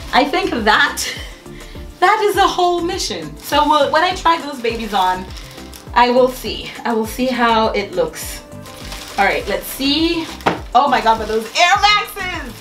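Gushing woman vlogger, lively excited pitch. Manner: gushing, excitable, exclaims often. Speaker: haul vlogger. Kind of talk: casual unboxing chat.

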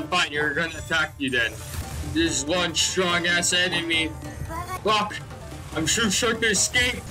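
A man giving excitable let's-play commentary, swearing constantly and joking about the characters on screen. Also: on the high side, low-quality recording. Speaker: gameplay commentator.

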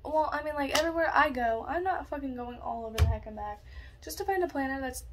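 A woman's voice: high-pitched, fast talker, noisy background. A young woman in her college dorm room, chatting casually to a phone camera in a scatterbrained, ranting way, swearing now and then. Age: young adult. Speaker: vlogger. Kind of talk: casual vlog chat.

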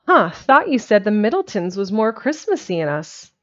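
A woman voicing a scrappy, boastful country boy who talks in rough slang, on a slightly muffled recording. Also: medium pitch, big pitch swings, normal speed, fairly bright tone. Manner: rough slangy boyish speech.

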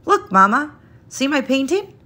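A woman voicing a shy young immigrant schoolboy, high and slow with a childlike, questioning manner. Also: big pitch swings, pushed and bright, heavily acted. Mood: bright singing.

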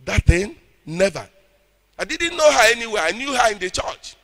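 A man with a Nigerian accent preaching a sermon, fervent, swinging between loud shouting and low intense speech and calling for the audience to respond. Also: very animated, normal speed.

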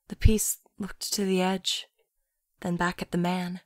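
Woman narrating in a soft, hushed voice. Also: fairly low pitch, level tone, unhurried, no echo, clean studio sound. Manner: soft, hushed, often near-whispered narration. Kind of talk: audiobook story reading.

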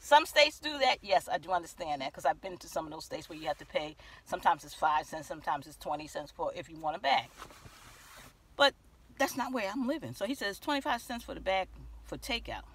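A woman vlogging from her car, telling a story in an animated way and acting out the dialogue. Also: fairly low pitch, fairly quick, slight background noise. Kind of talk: car vlog rant. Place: inside a parked car.

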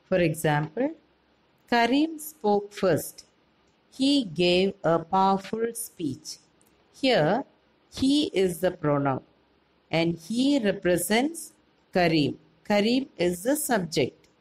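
A woman with an Indian English accent teaching a grammar lesson to children, explaining slowly and clearly and asking them questions. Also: medium pitch, darkish tone, rough recording.

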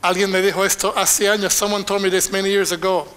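High, bright-voiced older bilingual preacher. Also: male voice, quick pace, clear, resonant tone. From Panama. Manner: switches between Spanish and English line by line, animated. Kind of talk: bilingual sermon.

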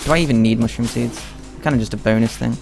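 A man's voice: mid-range voice, fast talker, gravelly. Chatty young man streaming a game. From Britain. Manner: chatty and playful, reading out chat messages. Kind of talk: casual live-stream commentary. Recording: game music playing behind the voice.

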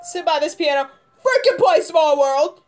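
A young woman commenting on her gameplay, panicking and yelling, her voice strained hoarse from screaming. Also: high-pitched, lively intonation, a little slow, soft background music. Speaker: gamer.

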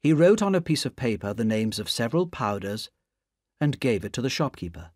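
A man from Indonesia reading a story aloud in a slow, deliberate way. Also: medium pitch, sing-song, a little mellow, no echo, clean studio sound. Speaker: narrator.

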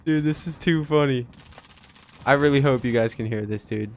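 Young man, casual game commentary, excitable, laughs a lot, mid-pitched voice. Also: normal speed, a little hiss or hum. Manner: excitable, laughing, lots of "dude" and "yo"; soft-spoken and rambling in the intro. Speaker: gaming YouTuber.

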